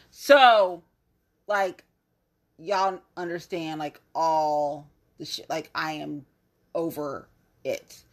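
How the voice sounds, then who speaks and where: A woman with a lowish, sharp voice hosts a podcast, delivering a casual monologue. She rants bluntly, with profanity and obvious exasperation.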